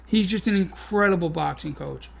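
A man's voice: sits high, moderate pace, gravelly. A man who teaches Kung Fu, hosting a casual chat and telling stories with lots of swearing and laughter. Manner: swearing, animated storyteller who laughs often. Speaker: podcast host and Kung Fu teacher.

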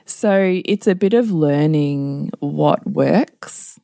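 A woman's voice: low-pitched, very slow, gravelly, mellow, no echo, clean studio sound. A middle-aged woman co-hosting a parenting podcast in casual chat, laughing often as she tells family stories. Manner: laughs often while telling anecdotes.

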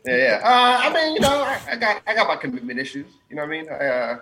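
A man's voice: sits high, quick pace, vocal fry, sharp tone. A man co-hosting a casual podcast chat, joking and laughing about his love life. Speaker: podcast co-host.

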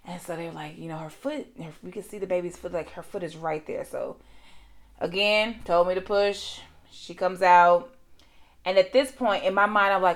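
A woman's voice: lowish voice, normal speed. A woman, hosting a podcast and candidly telling a personal story in a conversational, emotional way. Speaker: podcast host.

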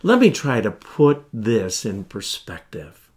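A male pastor delivers a sermon in an unhurried, deliberate way, letting pauses sit between his words. His voice sits slightly low, and his tone is earnest and heartfelt rather than loud. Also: big pitch swings.

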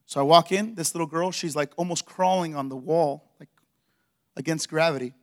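Male pastor, high voice, energetic preacher who acts out his stories. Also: normal speed. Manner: energetic storytelling, acting out dialogue. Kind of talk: sermon. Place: church.

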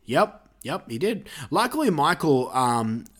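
A man on a casual podcast, retelling a movie in a rambling, profane way with quick character voices. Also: fairly high pitch, sing-song, fairly bright tone. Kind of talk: casual chat.

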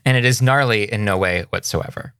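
A man co-hosting a casual chat, asking probing questions in a dry, deadpan way. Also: fairly low pitch, brisk, smooth, dry recording.

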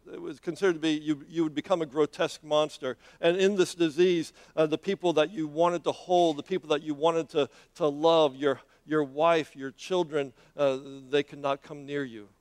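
A man's voice: fairly high pitch, a little mellow. A man preaching, retelling a scripture story in dramatic sermon style with frequent hesitations and repeated words.

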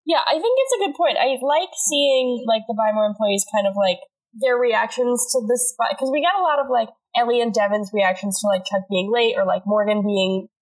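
A woman's voice: on the high side, normal speed, hardly any pauses, low-quality recording. A woman co-hosting a podcast, recapping an episode in casual chat with a sick, stuffy voice, rambling with many filler words. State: sick, congested voice. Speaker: podcast co-host.

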